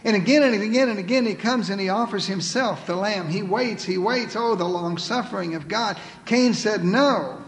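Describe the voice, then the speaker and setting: A male pastor preaching a sermon, reading scripture with emphasis and dropping to a soft, pleading tone at times. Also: high voice, normal speed, hardly any pauses. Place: church sanctuary. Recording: reverberant church hall.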